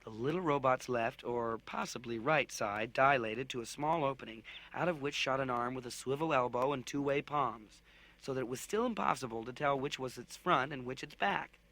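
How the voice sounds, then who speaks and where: A man narrating a children's science fiction audiobook in an expressive storytelling manner. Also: mid-range voice, normal speed. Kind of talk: audiobook narration with character voices.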